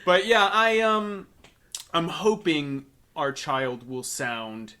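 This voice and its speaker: A young man from the South, co-hosting a casual podcast, animated and quick to laugh, with lots of fillers. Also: on the high side, clean tone. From Southern United States. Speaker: podcast co-host. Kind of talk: casual chat.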